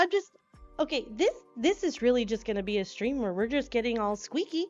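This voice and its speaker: Bubbly woman streamer, slightly high voice, scattered chat, dull lo-fi audio with faint music. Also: sing-song, a little fast. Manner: bubbly, scattered, often squeals greetings. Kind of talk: casual live-stream chat.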